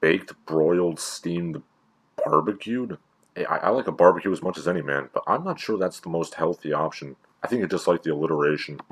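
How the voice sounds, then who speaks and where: A man's voice: sits low, brisk, husky. A man hosting a comedic review, with dry, sarcastic commentary. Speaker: video reviewer and host.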